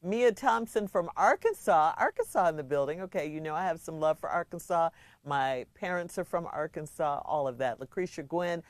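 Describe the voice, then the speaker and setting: Chatty woman radio host, low voice, dry studio. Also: lively intonation, normal speed, no echo. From Chicago. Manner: chatty, laughing, playful asides. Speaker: radio co-host giving advice. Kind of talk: casual radio chat, reading listener shout-outs and a letter. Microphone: studio microphone.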